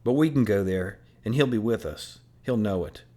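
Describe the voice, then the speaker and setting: A man's voice: lowish voice, normal speed, warm tone, natural voice. A man doing an intense young team captain. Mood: rallying. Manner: earnest, rallying. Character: intense teenage male team captain, fierce.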